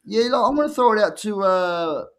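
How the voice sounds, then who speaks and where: A man's voice: high voice, animated, a little fast, fairly bright tone. A man on a casual wrestling podcast, talking in a laid-back, slangy way.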